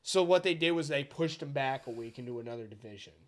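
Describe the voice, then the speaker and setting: A young man in his twenties, co-hosting a podcast and telling a long, profane story in casual, animated chat. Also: medium pitch, fast talker. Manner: animated, swearing, bursts into loud impressions. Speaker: podcast co-host.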